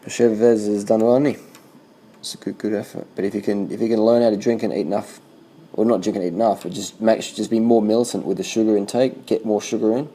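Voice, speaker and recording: A man casually commenting on bike race footage as a vlogger, swearing freely and talking in loose animated bursts. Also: on the low side, fast, slight background noise, low-quality recording.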